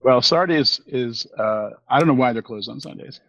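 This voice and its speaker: A man's voice: medium pitch, moderate pace, a bit bright, dry recording, highs cut off. A man in his fifties co-hosting a podcast, telling a long story in casual chat, rambling with many fillers and restarts and acting out the lines of the people he quotes. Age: 50s. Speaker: podcast co-host.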